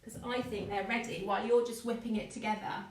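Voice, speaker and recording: A woman's voice: mid-range voice, steady tone, fast talker, recorded from a distance, noisy background. A middle-aged woman teaching a live baking class, chatty and encouraging as she talks viewers through each step. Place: home kitchen. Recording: echoey kitchen, away from the mic.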